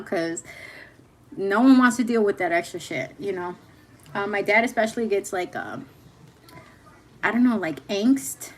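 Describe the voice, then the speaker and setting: A woman's voice: fairly high pitch, a little hiss or hum. Slangy young woman chatting casually. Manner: candid slangy storytelling, swearing freely. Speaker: host. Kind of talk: casual chat.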